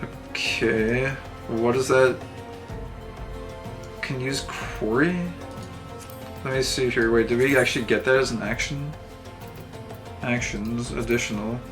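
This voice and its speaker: A man's voice: medium pitch, fairly even intonation, slow pace, long pauses. A young man streaming an online game, thinking aloud in a dry, sarcastic way and reading quest text as he plays. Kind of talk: casual let's-play commentary, reading game text aloud. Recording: faint game music underneath.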